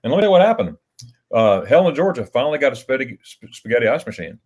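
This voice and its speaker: A man hosting a casual livestream, talking in a middle pitch. He rambles through stories, restarting his sentences and chuckling as he goes. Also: sing-song, very fast, a little mellow, slightly rough. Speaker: livestream host.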